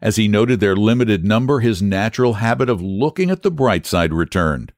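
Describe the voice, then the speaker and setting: A man hosting a podcast and reading a classic short story aloud in a steady, clear way. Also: lowish voice, normal speed, no room sound, studio quality. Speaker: podcast host and narrator.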